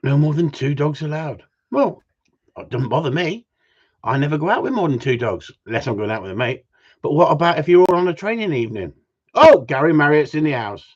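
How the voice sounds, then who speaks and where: Bloke doing a live stream, teasing viewers, voice bouncing all over, muffled lo-fi sound. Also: male voice, a little high, big pitch swings, fairly quick, breathy edge. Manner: joking, teasing banter with mild swearing. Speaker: gundog trainer hosting a live stream. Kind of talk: casual live-stream chat reading viewer comments. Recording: dull lo-fi sound.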